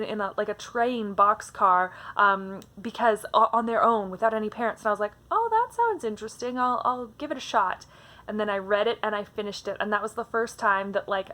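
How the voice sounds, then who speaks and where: A woman's voice: medium pitch, pushed and bright. A woman chatting about books in a casual vlog, hyper and bubbly, often restarting her sentences. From Canada. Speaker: book vlogger. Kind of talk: casual book tag vlog.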